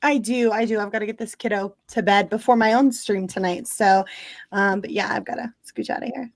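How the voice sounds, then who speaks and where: A woman guest streamer in casual chat, friendly and quick to laugh. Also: medium pitch, steady tone, vocal fry, no echo.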